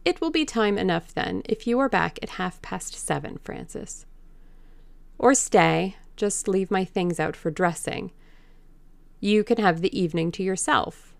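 Woman doing Dorian Gray, a brisk young gentleman. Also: medium pitch, lively intonation, creaky, dry recording. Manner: soft pleading, then brisk and authoritative. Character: Dorian Gray, young Victorian gentleman, pleading then commanding.

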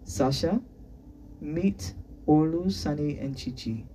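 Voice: mid-range voice, steady tone, measured pace, warm tone, a little hiss or hum, natural voice, low-quality recording. A reader voicing a stern older male teacher who gives formal, clipped commands in a book reading.

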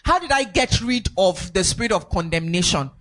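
A woman's voice: medium pitch, lively intonation, normal speed, fairly bright tone. Lady preaching, keeps repeating herself for emphasis, singsongy. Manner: emphatic, repeats phrases, lilting sing-song rises. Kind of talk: sermon.

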